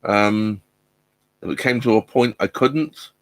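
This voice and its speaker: A man's voice: on the low side, takes it slowly, no room sound. A middle-aged man chatting casually on a live stream from inside his narrowboat, hesitant and full of ums and restarts. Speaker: vlogger hosting a live stream. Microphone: laptop mic.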